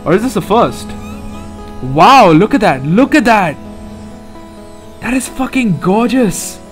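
A young man hosting a let's play, reacting excitably and profanely to a puzzle game as he plays. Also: high voice, slow, soft background music. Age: young adult. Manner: excitable, profane, often laughing. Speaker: gaming channel host.

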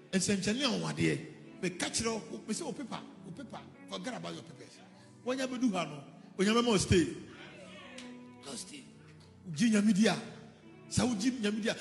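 A man preaching a rousing sermon, rising into loud calls and exclamations. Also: very high-pitched, vocal fry. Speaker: apostle preaching. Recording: echoey hall with faint music.

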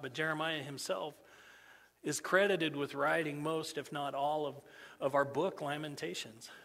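Earnest preacher man in a reverberant sanctuary. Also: a little high. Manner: earnest, repeats himself, swings from hushed to loud. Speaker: pastor. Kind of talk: sermon. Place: church sanctuary. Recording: church sanctuary with long reverb.

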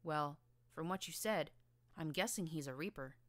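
A woman voicing a tough, streetwise young filly gang leader with a rough rural drawl and a blunt, slangy manner. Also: low-pitched, normal speed, a bit bright, dry recording.

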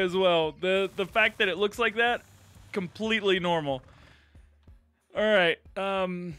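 Giggly high-voiced man streaming a farm game. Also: fairly bright tone. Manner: giggly, laughs constantly, reads chat aloud. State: giddy. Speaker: livestream gaming host. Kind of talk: casual live gameplay commentary.

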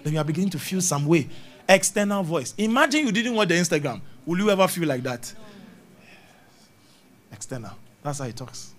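A man preaching a sermon, swinging between loud, emphatic lines and low murmurs, and laughing at his own jokes. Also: big pitch swings, a little fast, pauses often, slight background noise. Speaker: pastor.

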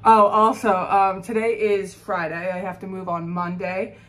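A woman's voice: medium pitch, level tone, measured pace, a bit bright, rough recording. A young woman in her twenties talking casually to her phone camera in her apartment, candid and self-mocking, with lots of fillers. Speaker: vlogger. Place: her apartment in New York.

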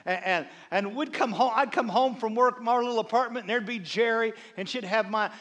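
A man's voice: very high voice, a little fast, highs cut off. A middle-aged man preaching a sermon, telling funny stories about his wife and acting out her lines, often repeating words as he builds up. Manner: animated, repeats words, acts out his wife's voice. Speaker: pastor. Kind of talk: sermon with humorous storytelling. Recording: long reverb of a large hall.

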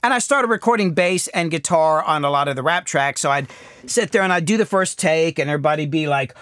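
A middle-aged man with a slightly raised voice tells candid, self-deprecating stories from his years as a music producer. He lifts into animated bursts, then drops low and hushed when he reflects. The recording is close and dry, with no room sound. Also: a little fast, no room sound. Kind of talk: candid storytelling monologue.

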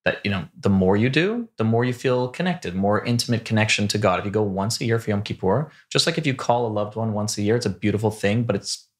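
Earnest young rabbi, lowish voice. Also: male voice, fast, hardly any pauses. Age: young adult. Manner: earnest and explanatory, teaches through everyday examples. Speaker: rabbi, podcast guest. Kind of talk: casual chat.

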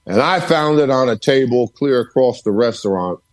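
A man's voice: medium pitch, lively intonation, moderate pace. Male podcast guest telling stories from his home study, emphatic and preacher-like in his repetition. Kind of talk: storytelling interview.

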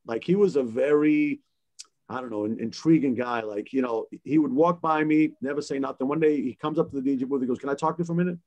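A man's voice: mid-range voice, brisk, dull audio. A man, a guest DJ on a panel, telling stories in casual talk, laughing and acting out the lines of people he quotes. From Boston area. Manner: animated, laughing, acts out dialogue in his stories.

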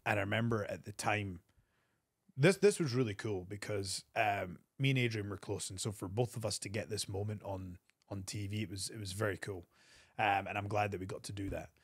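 A man, a wrestler telling an animated backstage story as a guest on an interview show. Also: slightly rough, no room sound, clean studio sound. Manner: animated storyteller, quick bursts of pitch.

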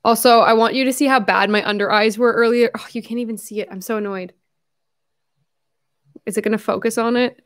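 A young woman chats casually on her own livestream in a fairly high voice. She rambles from thought to thought, full of fillers and quick asides, and laughs easily. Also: steady tone. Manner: chatty, rambling, laughs often, many fillers. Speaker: YouTuber hosting a livestream.

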